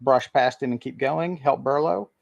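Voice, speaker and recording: A man narrating a tabletop game as game master, halting and full of ums. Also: mid-range voice, vocal fry, dull audio.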